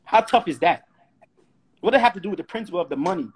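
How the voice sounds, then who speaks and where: A man from Brooklyn, ranting heatedly on a live stream. His voice is husky and sits high for a man, and he talks fast, repeating rhetorical questions again and again. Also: expressive. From Brooklyn, New York. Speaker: host. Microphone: phone or webcam on a live stream.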